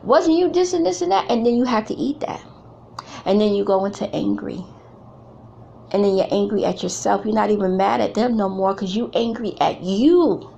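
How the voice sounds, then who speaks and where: A woman's voice: medium pitch, fairly even intonation, moderate pace, vocal fry, highs cut off, background noise. A middle-aged woman giving a blunt, emphatic talk to other women, repeating phrases for effect. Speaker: speaker addressing women. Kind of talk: candid motivational talk.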